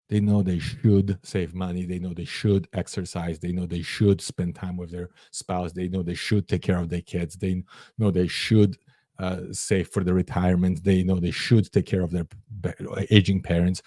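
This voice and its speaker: A man's voice: low voice, fairly even intonation, moderate pace, warm tone, dry recording, clean studio sound. A man hosting a livestream, giving an emphatic, preachy motivational talk and acting out inner voices. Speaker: host.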